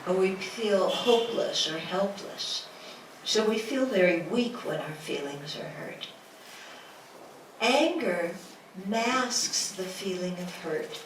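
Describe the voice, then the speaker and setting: A woman Buddhist teacher giving a dharma talk in a lecture room, asking the audience rhetorical questions and acting out quotes playfully. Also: on the high side. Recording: echoey room from a distance with noise.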